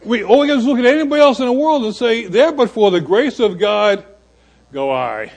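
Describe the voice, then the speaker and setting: A man preaching a sermon to his church, moving between loud emphatic lines and quiet asides. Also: extremely high pitch, fairly quick, vocal fry, rough recording. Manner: animated preaching with sudden drops to quiet asides. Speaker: pastor.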